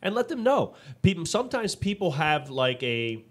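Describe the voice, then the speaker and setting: A man's voice: fairly high pitch, normal speed. A man co-hosting a casual business podcast, telling stories with animation, acting out quotes and restarting his sentences often. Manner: animated storytelling, acts out quotes; frequent restarts and fillers. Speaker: podcast co-host.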